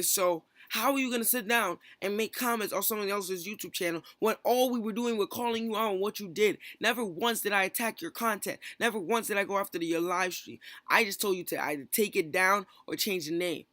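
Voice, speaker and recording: A young man streams his frustration in a heated callout vlog, piling up fillers and rhetorical questions. His voice sits high and bright, and the recording is close and dry with no room sound. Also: no echo. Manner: heated, rapid rant full of fillers.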